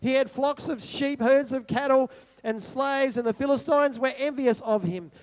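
A man's voice: very high voice, normal speed. A man preaching a sermon, repeating phrases and putting questions to the congregation. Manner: repetitive rhetorical preaching, asks the congregation questions. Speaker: pastor.

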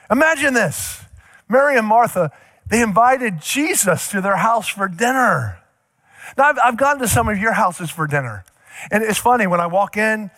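A male pastor preaching a sermon, animated, acting out little scenes for the congregation. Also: sits high, no echo, studio quality.

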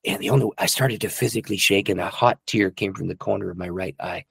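Gravelly, earnest male pastor. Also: sits low, fairly even intonation, quick pace, fairly bright tone, dry recording. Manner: earnest, emotional storyteller. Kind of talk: testimony storytelling.

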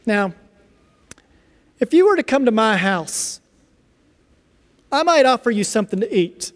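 A man preaching a sermon in a church, reading scripture and explaining it in an animated way. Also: high voice, unhurried, pauses often. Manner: animated, acts out little dialogues. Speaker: pastor. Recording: long reverb of a large hall.

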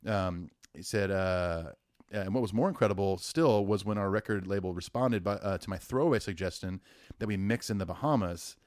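A low-voiced man co-hosting a casual music podcast. He runs through facts loosely, with fillers and easy laughs. His voice is close and dry. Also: moderate pace, darkish tone, no echo. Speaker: podcast co-host. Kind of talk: casual chat.

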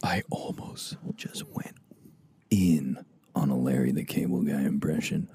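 A man co-hosting a comedy podcast in casual chat, excitable and quick to laugh. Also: extremely low pitch, creaky, husky. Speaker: podcast co-host.

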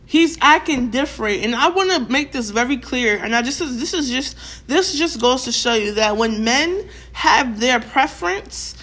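A young woman, telling a storytime rant to her vlog audience, animated and profane, with lots of filler words and re-enacted quotes. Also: sits high, a little slow. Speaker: vlogger.

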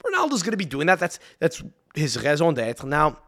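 A man's voice: fairly high pitch, huge pitch swings, a little fast, a bit bright. A man hosting a podcast on his own, in a rambling, profane monologue full of restarts and asides. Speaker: podcast host. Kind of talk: casual solo podcast monologue.

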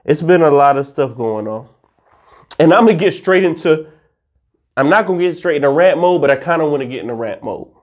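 Man, slightly high voice, loose and playful vlog host, slangy and rambling. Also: lively intonation. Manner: spells words out slowly for emphasis. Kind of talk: casual drinking vlog chat.

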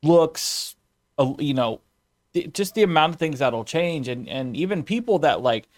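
A man's voice: fairly high pitch, lively intonation, a little slow, no echo. A young man, a streamer, chatting casually in a rambling way and laughing often. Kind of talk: casual podcast chat.

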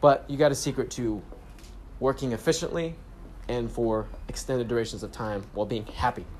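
Young male vlogger, relaxed storyteller, casual profanity, spiritual sign-offs, mid pitch. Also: moderate pace, a little hiss or hum. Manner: laid-back, swears freely, spiritual catchphrases. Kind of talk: casual self-help vlog storytelling. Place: grocery store trip, talking on the go.

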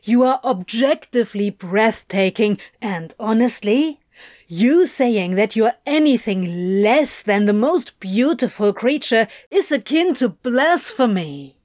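A woman's voice: a little high, expressive, slow pace, a little mellow, dry recording, clean studio sound. Crowley, a sweary, insistent demon, read by a woman. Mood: insistent, exasperated. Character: swearing, exasperated male demon, devoted lover. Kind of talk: audiobook fan fiction reading.

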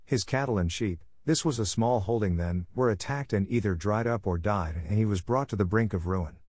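Level-headed local builder, plain and matter-of-fact, low voice, read by a man. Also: normal speed, darkish tone, no room sound, clean studio sound, natural voice. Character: calm middle-aged male village builder.

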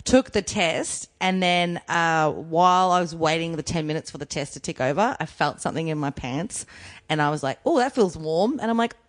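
A woman's voice: sits low, moderate pace. A woman, co-hosting a podcast and telling blunt, profane stories in casual chat. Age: 30s. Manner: blunt, profane storytelling with acted-out quotes. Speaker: podcast co-host.

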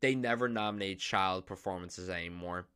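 A man's voice: low-pitched, normal speed, a bit bright, clear, resonant tone. A young man hosting a podcast, talking through films in an enthusiastic, emphatic, casual way. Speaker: podcast host. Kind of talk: casual film discussion.

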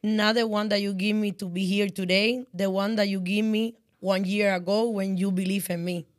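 A woman podcast guest with a heavy Cuban Spanish accent, a native Spanish speaker talking in halting, broken English with many pauses. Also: mid-range voice, fairly even intonation, dry recording, clean studio sound. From Cuba. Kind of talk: casual chat.

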